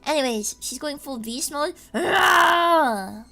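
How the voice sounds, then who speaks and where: A woman's voice: high voice, lively intonation, takes it slowly, vocal fry, pushed and bright, soft background music. A woman streaming casually from home, rambling in an erratic way and breaking into screams and laughs. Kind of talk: casual live-stream chat.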